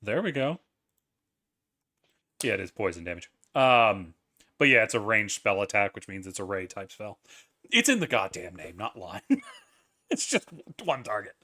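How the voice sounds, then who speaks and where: A man running a tabletop game as game master, casual and quick to laugh and swear. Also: on the low side, very animated, sharp tone.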